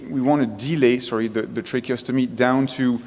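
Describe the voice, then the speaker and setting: A man's voice: mid-range voice, steady tone, a little fast, darkish tone. A man with a French accent giving a conference lecture to a room of colleagues, explaining his points one by one. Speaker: physician presenting at a medical conference. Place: large lecture room with an audience. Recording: reverberant conference hall.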